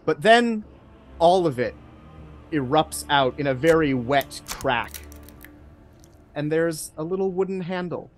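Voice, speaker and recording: A man narrating a tabletop game as game master in a hushed, suspenseful way. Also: a little high, expressive, measured pace, pauses often, soft background music.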